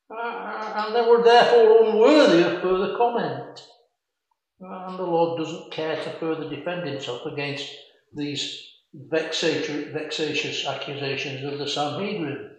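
A man preaching an expository sermon on a Bible passage, measured and reflective, with frequent fillers and quoted scripture in old-fashioned phrasing. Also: fairly high pitch. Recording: very echoey room.

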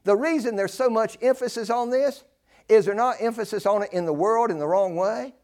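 Delivering a sermon, an older man speaks in a voice that sits high and moves fairly quickly. He's emphatic, repeating key phrases while alternating loud declarations with hushed asides.

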